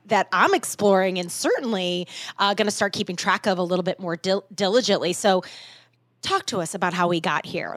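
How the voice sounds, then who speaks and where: A woman hosting a podcast in casual chat, animated and swearing freely as she acts out quotes in big voices. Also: medium pitch, no echo, studio quality. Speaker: podcast host.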